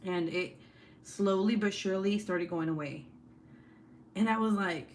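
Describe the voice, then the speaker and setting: A woman in her thirties hosting a casual livestream from home while crafting. She tells stories in an animated way, swears freely and laughs often. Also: mid-range voice, measured pace, pauses often, slight background noise. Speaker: livestream host.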